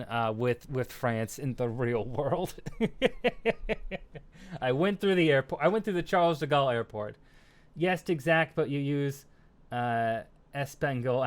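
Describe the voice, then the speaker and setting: Smooth-voiced American man chatting on stream. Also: medium pitch, fairly bright tone. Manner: rambling and self-deprecating, lots of fillers and laughs. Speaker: streamer host. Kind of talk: casual stream chat reading viewer comments.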